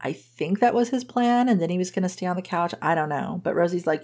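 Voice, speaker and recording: A woman's voice: on the low side, expressive, quick pace, a little mellow. A woman casually retelling a romance novel's plot, laughing often and playfully quoting the characters. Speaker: book reviewer recapping a romance novel.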